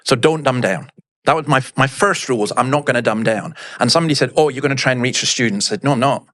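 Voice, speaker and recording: A man's voice: mid-range voice, fast, no echo, clean studio sound. A middle-aged man, a minister telling blunt, emphatic stories as a podcast guest. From Scotland. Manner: lively anecdotal storyteller, blunt and emphatic. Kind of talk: storytelling in a podcast interview.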